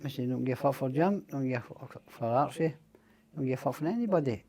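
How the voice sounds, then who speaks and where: A man's voice: medium pitch, animated, fast talker, dark tone, breathy edge. A middle-aged Scottish man, a podcast guest, telling rambling, profane stories and acting out the other people's lines. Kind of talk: casual storytelling.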